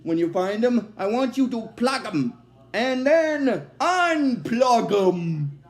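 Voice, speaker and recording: A man quoting a male robot mob boss giving orders, drawing out the words slowly. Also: extremely high pitch, sing-song, heavily acted. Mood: menacing.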